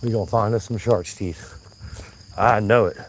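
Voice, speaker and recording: A man chatting to his viewers on a live vlog while walking a trail, his voice hoarse from yelling. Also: fairly low pitch, fairly even intonation, normal speed, a little hiss or hum. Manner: chatty, talks to himself and viewers. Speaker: vlogger. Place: outdoor nature trail.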